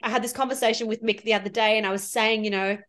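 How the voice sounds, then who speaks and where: On her solo podcast, a money mindset coach speaks quickly in a fairly high, slightly bright voice with fairly even intonation. Her manner is warm, gushing and spiritual, like a heartfelt coaching session.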